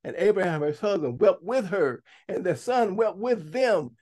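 Reading scripture aloud during a sermon, a man keeps breaking off to comment and drive his points home. He speaks at normal speed with lively intonation, at times bursting into high, loud emphasis.

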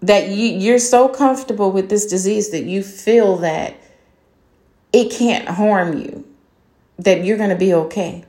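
A woman's voice: medium pitch, unhurried, warm tone. An older woman and grandmother delivering a heated, blunt monologue, swearing and firing off rhetorical questions at her listeners. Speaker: podcast host. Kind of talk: angry monologue rant. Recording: roomy echo.

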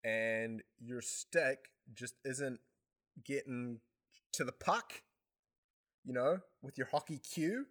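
Giggly male co-host, unhurried and rambling, bright voice that swoops around. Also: mid-range voice, expressive. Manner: giggly, rambling, improvising jokes. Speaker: podcast co-host. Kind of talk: comedy podcast banter.

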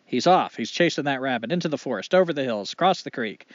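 Expressive male oral storyteller, dramatic pauses; dull, dry lo-fi recording. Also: mid-range voice, no echo.

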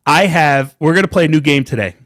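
A man's voice: fairly high pitch, quick pace, a bit bright, no room sound, studio quality. A man hosting a podcast in casual chat, joking and teasing as he sets up segments. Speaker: podcast host.

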